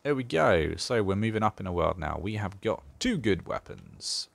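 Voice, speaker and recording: A man's voice: on the low side, very animated, moderate pace, gravelly, dry recording. A man casually talking through a strategy game as he plays, thinking aloud with dry sarcasm. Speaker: gaming channel host. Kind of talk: casual gameplay commentary.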